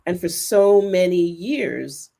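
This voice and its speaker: A woman's voice: lowish voice, lively intonation, creaky, mellow. A woman guest in a reflective podcast conversation over a remote call, speaking earnestly and thoughtfully, her pace shifting as she thinks. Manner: thoughtful, earnest, speeds up and slows down. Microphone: remote video call.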